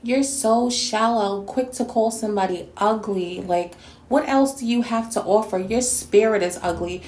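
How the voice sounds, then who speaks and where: A woman's voice: mid-range voice, moderate pace, darkish tone, roomy sound, slight background noise. A woman from New York City delivering a scolding, sassy rant in a response video. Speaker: YouTube commentator.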